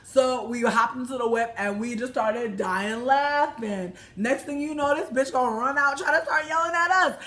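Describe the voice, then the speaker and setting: A young woman telling a story in a casual, profane, animated way, breaking into loud exclamations. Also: high-pitched, moderate pace, few pauses.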